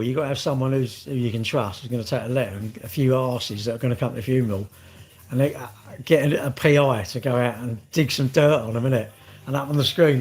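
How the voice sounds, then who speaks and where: A man's voice: medium pitch, darkish tone. A middle-aged man, rambling in casual vlog chat, swearing and joking. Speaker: vlogger.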